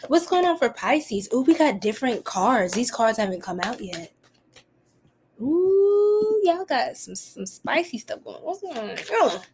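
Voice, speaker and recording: A woman's voice: a little high, moderate pace, few pauses, slight background noise. A woman hosting a live tarot reading for her stream, chatty and sassy, greeting viewers by name and exclaiming at the cards. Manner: animated, exclaims often.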